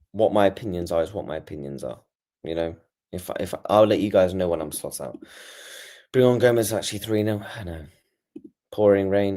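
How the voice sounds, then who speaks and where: A deep-voiced man rants through a post-match reaction on his fan channel. He rambles, restarts and swears as his frustration spills out. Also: dark tone. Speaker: football fan channel host.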